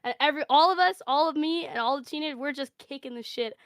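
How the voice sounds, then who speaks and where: A woman improvising a comedic story in a rambling, deadpan, gleefully profane way. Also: high-pitched, fast, background noise.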